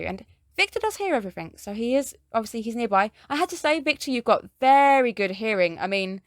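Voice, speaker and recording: A woman's voice: fairly high pitch, big pitch swings, brisk, no room sound, clean studio sound. Chatty young woman gushing to viewers. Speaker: anime reviewer. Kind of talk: casual review chat.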